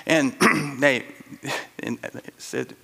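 A man preaching a sermon with animated storytelling, acting out the voices in his stories with chuckling asides. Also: mid-range voice, extremely slow, gravelly.

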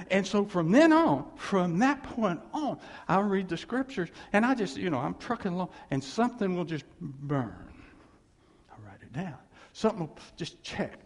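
A man preaching in a storytelling sermon style, animated and laughing as he acts out what others said to him. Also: fairly high pitch, slightly rough. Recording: long hall reverb.

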